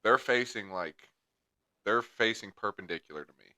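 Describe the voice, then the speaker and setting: A man's voice: on the low side, moderate pace, pushed and bright, no room sound. A young man co-hosting a podcast, telling rambling stories in casual chat and swearing heavily. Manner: crude rambling storyteller, heavy swearing. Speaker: podcast co-host.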